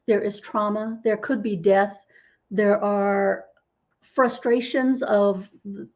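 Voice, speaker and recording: A woman's voice: a little high, darkish tone, highs cut off. A middle-aged woman, a holistic healer, explaining as a podcast interview guest and often asking "right?" to check in. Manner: explanatory, tags lines with "right?".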